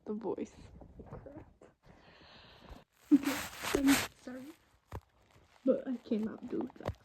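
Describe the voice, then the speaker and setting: A woman in a whispered role-play, speaking to the listener in a soft, mostly unvoiced whisper, rambling and hesitant with many fillers. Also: high-pitched, takes it slowly, very noisy.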